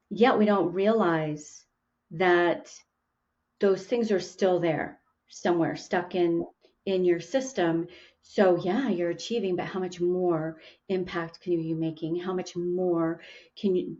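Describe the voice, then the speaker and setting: A woman's voice: fairly low pitch, a little mellow, dull audio. A woman hosting an interview podcast, musing aloud in casual chat with frequent restarts. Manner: musing, with many restarts and fillers. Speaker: podcast host.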